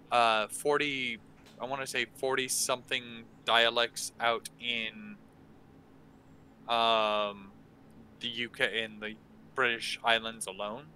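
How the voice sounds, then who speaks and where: A man running a game workshop, explaining slowly and casually with many ums and restarts. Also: mid-range voice, bright, forceful tone, clear, resonant tone, rough recording. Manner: halting, many fillers and restarts. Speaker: game master teaching a workshop. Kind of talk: casual instructional talk. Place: online stream.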